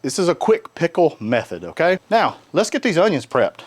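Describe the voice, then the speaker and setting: A man's voice: on the high side, normal speed, breathy edge. A man from North Carolina, hosting a casual outdoor cooking demo in a folksy, joking way. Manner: folksy, jokey, animated. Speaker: cooking show host. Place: outdoors by a grill.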